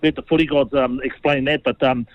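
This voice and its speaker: A man's voice: mid-range voice, fairly even intonation, brisk, muffled recording. A New Zealand man in his fifties, a former rugby league player, telling rambling, self-deprecating stories as a guest. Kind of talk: casual storytelling interview.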